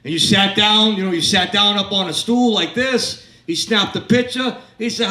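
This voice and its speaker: High-voiced man doing crude stand-up. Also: moderate pace, bright, forceful tone. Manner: crude, rambling storytelling with crowd work. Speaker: stand-up comedian. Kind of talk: stand-up set. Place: comedy club stage. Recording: echoey club, from a distance.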